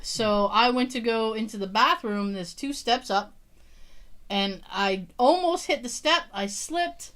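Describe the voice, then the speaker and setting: Speaking at a measured pace in a slightly high voice, this podcast co-host spins stories during relaxed chat. She is animated, laughs a lot, and curses without restraint.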